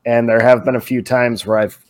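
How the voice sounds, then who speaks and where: A man's voice: mid-range voice, steady tone, fairly quick. A man co-hosting a podcast, chatting casually and laughing along. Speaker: podcast co-host. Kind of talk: casual chat.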